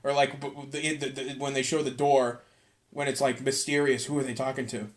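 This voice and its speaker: A man's voice: mid-range voice, flat delivery, fairly quick. A young man hosting his own podcast alone, rambling loosely and swearing freely in a casual rant. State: tired from cleaning. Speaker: podcast host.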